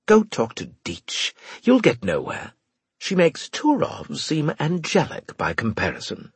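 A man's voice: a little high, huge pitch swings, a little slow, slightly rough, no room sound, voice pushed up, heavily acted. A man voicing a snide, scheming male senior officer in an audiobook, sneering and clipped. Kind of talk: audiobook character voice.

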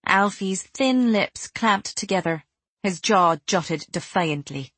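A woman narrating a first-person audiobook in a cool, measured way, turning quietly menacing in dialogue. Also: mid-range voice, animated, no room sound.

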